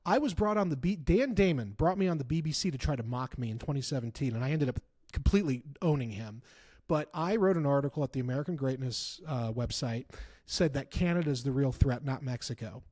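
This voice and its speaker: A man talking politics as a guest in a casual conversation, telling stories with emphatic repeats and bursts of loud laughter. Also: medium pitch, fairly quick. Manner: animated storyteller, laughs loudly, repeats for emphasis. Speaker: author and guest.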